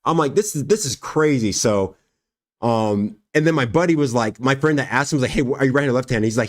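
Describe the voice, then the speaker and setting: Man, young adult, livestream host, casual storytelling, animated, acts out dialogue. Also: medium pitch, fairly quick. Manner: animated, acts out quoted dialogue, laughs often.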